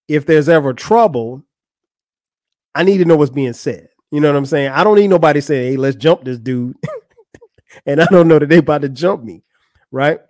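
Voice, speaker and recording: A man's voice: a little high, a little mellow, no room sound, clean studio sound. A man in his forties from the United States, hosting a podcast and telling a story in loose, slangy casual talk with restarts. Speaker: podcast host.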